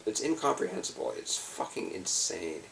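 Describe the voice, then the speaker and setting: A man's voice: low voice, very animated, normal speed, gravelly, far from the mic, slight background noise. An exhausted man rambling in a loose, profane way, with lots of fillers. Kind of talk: rambling personal video monologue.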